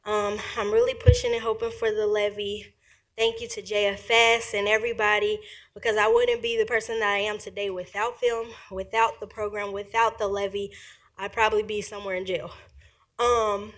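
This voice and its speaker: A young woman giving an earnest, grateful public comment at a county meeting, speaking quickly with frequent fillers. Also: medium pitch, little pitch movement, fairly bright tone. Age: young adult. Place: county commission meeting room.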